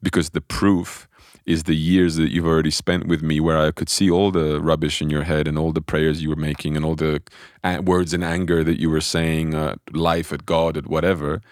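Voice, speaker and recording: A man telling a personal spiritual story in a relaxed podcast conversation, animated and often restarting his sentences. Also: very deep voice, normal speed, few pauses, dry recording, studio quality.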